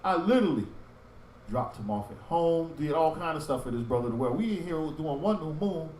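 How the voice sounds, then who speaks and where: A man teaching a religious group in sermon style, with animated storytelling that acts out street talk. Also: fairly high pitch, a little fast, reverberant, far from the mic, a little hiss or hum, rough recording.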